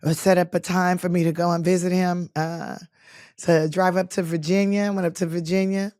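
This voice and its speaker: A woman guest telling personal stories in an interview, animated and quick to act out the voices of the people in them. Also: fairly low pitch, no room sound, studio quality. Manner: animated storyteller acting out quoted voices. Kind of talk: storytelling interview.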